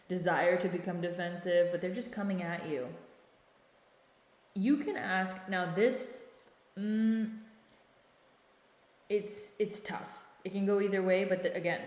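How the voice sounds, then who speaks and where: A woman's voice: mid-range voice, a little mellow. A woman hosting a podcast, talking through advice in a casual monologue and often checking in with "right?". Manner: conversational, often adds "right?" tags. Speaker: podcast host. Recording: echoey room with long reverb.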